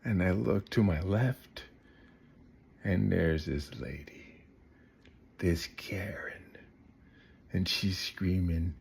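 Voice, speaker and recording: A man telling a comic story to the camera, swinging between loud bursts and hushed asides. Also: low-pitched, slow, gravelly, long pauses, slightly rough.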